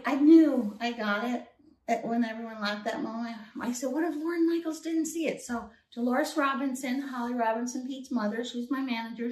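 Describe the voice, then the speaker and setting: A woman guest telling lively stories in a casual interview, acting out voices as she goes. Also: a little high, echoey room, recorded from a distance, rough recording. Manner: animated storyteller who acts out voices. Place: host's apartment.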